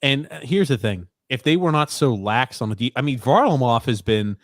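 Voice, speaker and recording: A man hosting a sports podcast and reacting to a live game in casual chat, animated and teasing his co-host. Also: mid-range voice, no room sound, studio quality. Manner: animated, teasing, quick to laugh. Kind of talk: casual sports commentary while watching a game.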